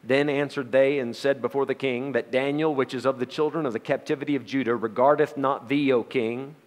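A man's voice: medium pitch, steady tone, a little fast, big-room sound. A middle-aged man giving a Bible study sermon, talking in a conversational way with rhetorical questions and wry sarcastic asides. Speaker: Bible teacher.

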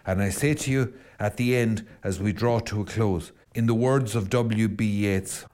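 A middle-aged Irish man, a priest, giving an impassioned podcast homily, pleading and slowing down for emphasis. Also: lowish voice, darkish tone. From Ireland.

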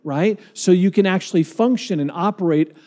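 High-voiced pastor telling a story. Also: male voice, normal speed, mellow. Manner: conversational, storytelling, asks the congregation questions. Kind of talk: sermon.

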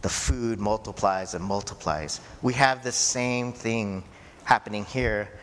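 A man preaching a sermon in a slow, conversational way, often checking in with his listeners. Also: fairly low pitch, fairly bright tone. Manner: slow, conversational preaching with frequent "right?" and "you know". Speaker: pastor. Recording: echoey hall with faint ambient noise.

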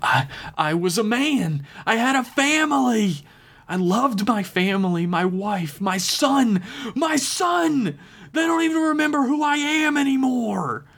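A man's voice: extremely high pitch, expressive, unhurried, creaky, husky, voice pushed up, exaggerated voice. A man voicing a panicked, ranting man who is turning into a monster. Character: panicked mutating man, desperate killer.

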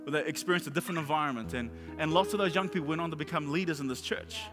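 Nz pastor guy preaching, high bright voice, repeats stuff for emphasis, big echoey hall w soft guitar behind. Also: very fast. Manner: animated, repeats phrases for emphasis. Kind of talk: sermon with storytelling. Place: large church hall. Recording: reverberant church hall with live guitar. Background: soft guitar music.

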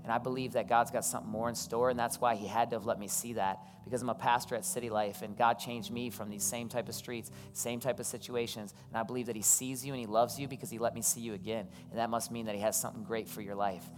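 A man's voice: medium pitch, little pitch movement, fast, few pauses, over music. A man preaching as a pastor, telling stories conversationally and asking the congregation questions. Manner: conversational storytelling, asks the crowd questions. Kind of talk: sermon. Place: church hall. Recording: long hall reverb with soft keys.

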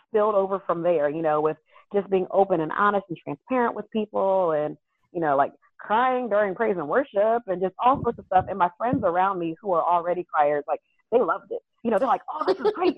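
A woman guest on a podcast, candidly telling a personal story in an earnest, animated way that often breaks into laughter. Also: on the low side, no room sound. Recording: thin phone-like call audio.

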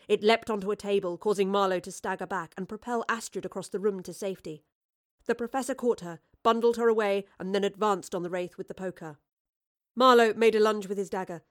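A woman reading a storybook aloud with brisk, lively narration. Her pitch sits in a middling range.

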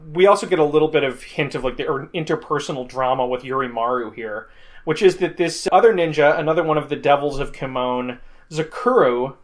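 Rambling man recapping a film. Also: a little high. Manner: rambling, thinks aloud with many "like"s. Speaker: podcast co-host. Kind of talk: casual chat recapping a film.

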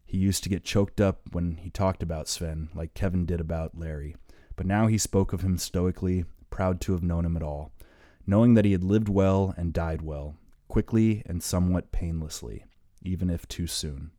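A man's voice: low voice, steady tone, moderate pace, mellow, dry recording. A man narrating his own audiobook in a matter-of-fact, opinionated way, close to the mic.

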